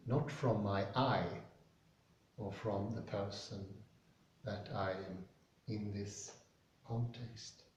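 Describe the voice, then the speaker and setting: Slow, mellow man musing aloud. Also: lowish voice, a little hiss or hum. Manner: slow, searching, hesitant. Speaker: reading group participant. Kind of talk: reflective discussion. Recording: roomy, distant mic.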